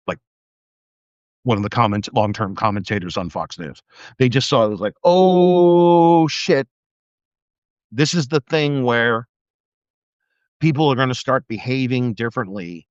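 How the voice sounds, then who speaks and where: A man's voice: on the low side, a bit bright, no room sound, highs cut off. A man in his fifties, a former police officer, telling rambling stories on a live stream and swearing freely. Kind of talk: casual live-stream monologue.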